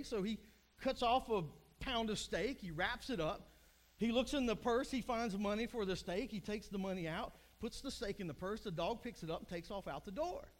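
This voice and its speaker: A man's voice: high-pitched, animated, moderate pace. A middle-aged man preaching a sermon to a congregation in a chatty, self-deprecating way, with small restarts. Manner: chatty, self-deprecating, acts out joke voices. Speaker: pastor.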